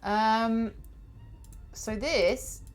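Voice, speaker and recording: A woman's voice: on the high side, fairly even intonation, drawn-out words, soft background music. A woman streaming a detective board game, chatting casually, thinking aloud and thanking viewers as she plays. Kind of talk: casual chat while playing a board game.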